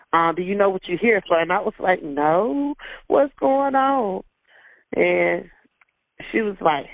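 A woman's voice: fairly high pitch, no room sound. A woman recounting a personal ordeal in an interview, emotional, repeating herself and acting out the dialogue. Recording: tinny phone-like sound, dry.

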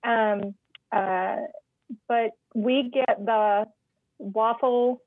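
A woman, co-hosting a casual podcast chat, talkative and quick to laugh, sometimes trailing off while she remembers. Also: fairly high pitch, fairly even intonation, no echo, phone-quality sound. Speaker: podcast co-host.

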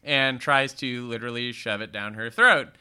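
A man casually retelling a film's plot in an animated way, laughing and swearing often as he goes. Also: mid-range voice, normal speed, smooth. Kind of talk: casual movie recap chat.

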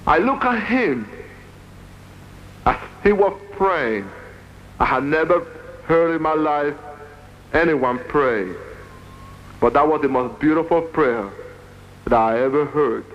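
A man telling his testimony as a sermon, earnest and halting, repeating his phrases for weight. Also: a little high, lively intonation, lo-fi sound, a little hiss or hum. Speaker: speaker giving a testimony.

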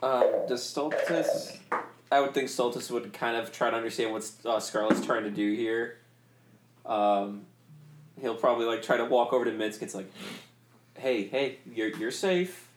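A man playing a tabletop game, talking haltingly with many ums. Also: medium pitch, fairly even intonation, echoey room, background noise. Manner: halting, hesitant, full of ums. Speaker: player. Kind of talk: tabletop role-play.

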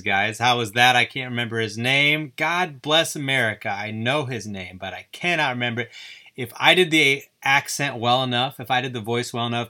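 A man's voice: medium pitch, normal speed, pushed and bright. A man hosting his own podcast, rambling through a goofy, self-deprecating solo monologue. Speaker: podcast host.

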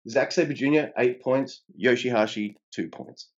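A man chatting casually on a podcast, animated and profane, his voice leaping upward whenever he gets emphatic. The recording is dull and lo-fi. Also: unhurried. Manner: animated, swearing, pitch jumps up when emphatic. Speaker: podcast co-host reviewing wrestling.

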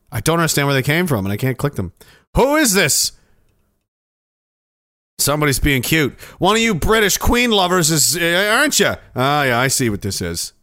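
A man's voice: medium pitch, fairly bright tone, no echo, clean studio sound. A man ranting on a livestream, heated and sarcastic, swearing often and reading out chat messages. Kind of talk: profane political rant on a livestream.

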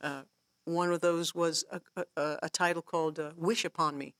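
Gravelly woman telling songwriting stories. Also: sits low, normal speed, no room sound, clean studio sound. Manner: animated storyteller, acts out her own inner voice; laughs often while explaining. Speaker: songwriting guest teacher. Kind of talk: casual workshop talk.

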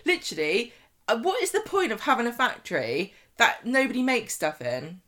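A woman co-hosting a casual podcast chat, animated and laughing often, often trailing off mid-sentence. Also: fairly high pitch, moderate pace. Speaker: podcast co-host. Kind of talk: casual chat about a soap.

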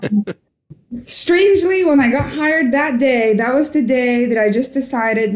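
A young Norwegian podcast guest tells an animated story in an interview, imitating each quoted voice. She sounds high-pitched and unhurried, with a roomy echo around her.

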